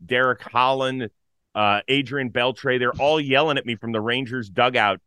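A man hosting a baseball talk show, upbeat and lively in casual chat. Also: mid-range voice, moderate pace, clear, resonant tone, dry recording. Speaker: host.

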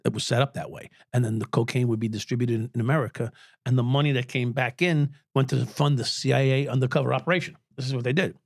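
A man's voice: medium pitch, fairly even intonation, fast, no room sound, clean studio sound. A man in his sixties, a former police officer, telling stories as a podcast guest, swearing freely and laughing at his own tales. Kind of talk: profane storytelling in an interview.

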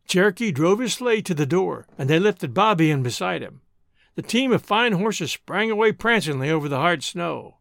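A man's voice: high-pitched, animated, normal speed, vocal fry, fairly bright tone, no room sound, studio quality. A man narrating a story, reading expressively and shifting into the characters' voices.

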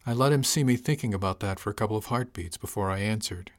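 A man narrating a first-person audiobook in a calm, measured, unhurried way. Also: lowish voice.

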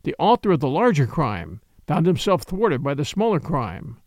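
Quiet earnest little priest, as a reader puts him on, lively pitch, dry. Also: male voice, normal speed, no room sound. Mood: grave. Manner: earnest, pleading. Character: small earnest elderly priest, gentle, intense.

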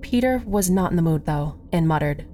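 A woman's voice: on the low side, expressive, brisk, mellow, slight background noise. A woman narrating a first-person story, reading the dialogue expressively and giving each character a voice.

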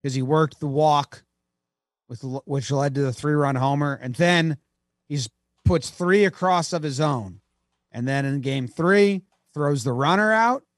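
A man co-hosting a podcast, bantering casually about baseball in an animated, jokey way. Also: fairly high pitch, measured pace, no echo, clean studio sound. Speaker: podcast co-host. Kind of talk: casual sports chat.

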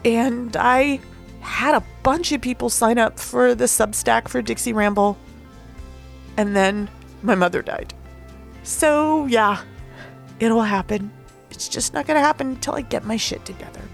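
A woman hosts her own podcast and tells a personal story in a loose, rambling monologue. Her voice sits a little high and carries a gravelly, fry-edged texture. She speaks candidly and emotionally, with the odd casual curse. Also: unhurried, long pauses, soft background music. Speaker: podcast host.

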